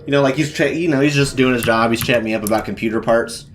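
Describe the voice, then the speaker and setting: A man's voice: medium pitch, fast talker, a little hiss or hum. A young man co-hosting a podcast, telling rambling stories with bursts of mock ranting and heavy swearing. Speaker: podcast co-host. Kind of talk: casual chat.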